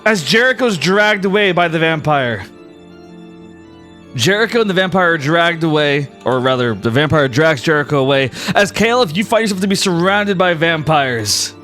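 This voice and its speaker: A young man narrating a tabletop game as game master, telling the story in an animated way and chuckling now and then. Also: a little high, moderate pace, soft background music.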